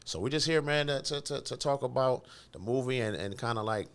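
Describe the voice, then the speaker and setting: A man's voice: medium pitch, a little fast, clean tone. A man, an actor appearing as a guest, speaking hesitantly with repeated words and fillers. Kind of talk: casual interview talk.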